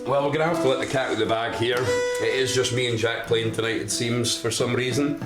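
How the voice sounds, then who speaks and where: A man's voice: medium pitch, fairly even intonation, a little fast. A Scottish man, a band singer hosting a live stream, chatting in a jokey, rambling way. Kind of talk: casual live-stream banter. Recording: echoey room with live music.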